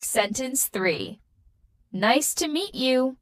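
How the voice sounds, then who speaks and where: A young woman teaching a beginner English lesson with slow, clear and encouraging delivery. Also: sits high, sing-song, no room sound.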